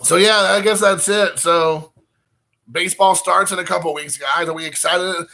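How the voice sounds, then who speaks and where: A man's voice: high voice, fairly even intonation, normal speed, vocal fry, sharp tone. A man chatting casually to his viewers from home, rambling and poking fun at himself. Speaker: channel host. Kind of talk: casual vlog chat.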